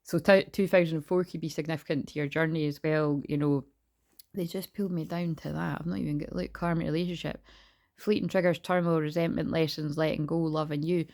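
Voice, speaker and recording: A woman's voice: low-pitched, steady tone, fairly quick, a little mellow. A woman doing a casual tarot reading from her bed, talking in a chatty, rambling way and often breaking off mid-sentence. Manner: rambling, chatty, self-interrupting, with swearing. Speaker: tarot reader and spiritual healer. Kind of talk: casual spiritual reading vlog. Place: in bed at home.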